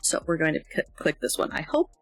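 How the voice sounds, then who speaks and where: A woman's voice: low voice, sing-song, quick pace, soft background music. A woman talking through a language lesson, rambling and hesitant, poking fun at herself as she goes. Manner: rambling, hesitant, self-deprecating. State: yawning, tired. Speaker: language learner streamer. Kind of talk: casual lesson walkthrough.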